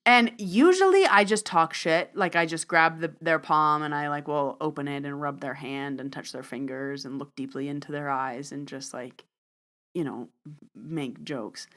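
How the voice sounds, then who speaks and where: A young woman hosting a podcast, casually telling a joking story with lots of animated retelling. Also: deep voice, moderate pace. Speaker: podcast host, psychic medium.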